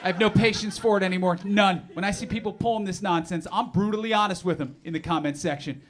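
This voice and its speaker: A man from New Jersey doing a stand-up comedy set, sarcastic and animated, with mock-outraged asides. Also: high voice, fast. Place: comedy club stage, live audience. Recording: live club recording with audience noise.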